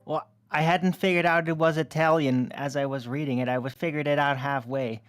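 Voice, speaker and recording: A man with a fairly high voice chimes in with quick agreeing remarks during an online debate. His asides are short. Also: steady tone, clear, resonant tone. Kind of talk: casual debate chat on an online call.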